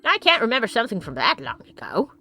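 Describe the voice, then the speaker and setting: A woman's voice: fairly high pitch, wildly swooping pitch, fast, bright, forceful tone, faint music behind, full character voice. A woman doing a cranky old man from a video game, grumbling and indignant about the fog and the cold. The voice swings up and down a lot as he gripes.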